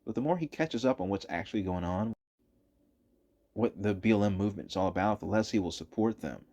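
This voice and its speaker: A man with a fairly low voice delivers opinionated commentary over footage. He talks emphatically and hammers his points home by repeating them. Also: fairly quick, warm tone, lo-fi sound. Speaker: political commentator.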